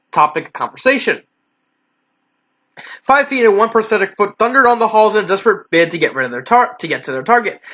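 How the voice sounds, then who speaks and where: A casual story reader with a bright, forceful tone who often trips over words and goes back to fix them. The recording is dull and lo-fi. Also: medium pitch. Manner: casual, stumbling, self-correcting. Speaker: fan fiction reader. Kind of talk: story reading.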